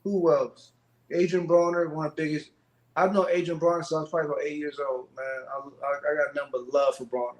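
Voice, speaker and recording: A man, a professional boxer, telling fight stories in a casual interview, animated and profane, acting out quotes. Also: on the high side, fast, echoey room.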